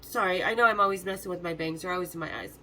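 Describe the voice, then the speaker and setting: A host in her fifties tells stories casually and with animation, swearing freely and doing the voices of the people involved. Her voice is lowish and she races along, with a little hiss or hum in the recording.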